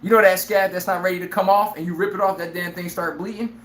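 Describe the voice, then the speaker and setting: Brash, laughing live sports-stream host. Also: male voice, high voice, fast, echoey room, a little hiss or hum. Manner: brash, animated, laughs often, acts out players' lines. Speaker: sports talk show host.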